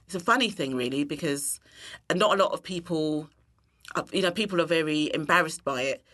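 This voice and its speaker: Lady, deep voice but sharp bright tone, rambly chatty interview guest. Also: fairly quick. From England. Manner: expressive, bursts of laughter, many fillers. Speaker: interview guest, cooking teacher. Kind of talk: casual chat.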